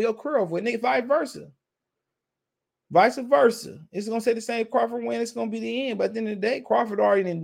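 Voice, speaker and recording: A man's voice: high-pitched, vocal fry, darkish tone. A young man giving his blunt, emphatic opinions on boxing in a casual rant, full of slang and repeated phrases. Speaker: boxing commentator.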